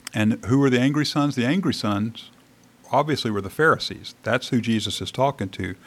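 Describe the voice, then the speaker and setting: Guy preaching in church, low gravelly voice, reads a verse then chats about it. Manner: conversational preaching, reads scripture aloud and comments. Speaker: pastor. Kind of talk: sermon. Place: church sanctuary.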